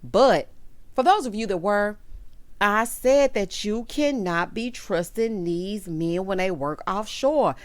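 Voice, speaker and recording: A woman's voice: medium pitch, slow pace, no echo. A woman, chatting sassily to her viewers as she recaps a reality show. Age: late 30s. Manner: sassy, chatty, talks straight to viewers. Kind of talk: casual recap commentary.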